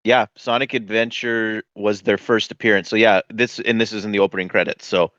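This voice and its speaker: A man's voice: lowish voice, fairly even intonation, brisk, a bit bright, no echo. Eager male podcast co-host, lo-fi mic. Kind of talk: casual chat. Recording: dull lo-fi mic sound.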